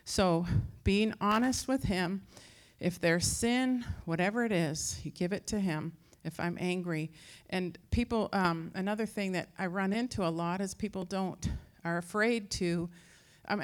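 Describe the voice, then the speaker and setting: A woman who teaches Christian faith, giving an informal talk and telling rambling, animated stories that act out other people's voices. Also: lowish voice, a little slow. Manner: acts out quoted voices.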